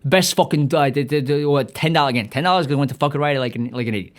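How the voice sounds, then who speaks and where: A man hosting a podcast in a profane, rambling monologue, excitable and stuffy-nosed, often trailing off and restarting. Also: mid-range voice, very fast. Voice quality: stuffy nose. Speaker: podcast host.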